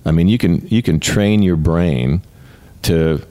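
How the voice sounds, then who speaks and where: A middle-aged American man with an extremely deep voice, talking as an interview guest. He speaks earnestly in a relaxed, conversational way and often stumbles over repeated words as a thought gets going. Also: a little slow. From United States. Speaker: guest, retired fighter pilot. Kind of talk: casual interview talk.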